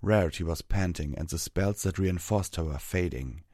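A man reading a fantasy story aloud as narrator, steady and measured. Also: low-pitched, no echo, clean studio sound.

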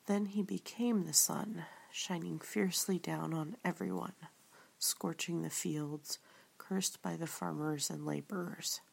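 Woman reading a storybook real slow, husky and half whispered. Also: low voice, fairly even intonation. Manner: soft, often whispered. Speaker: reader.

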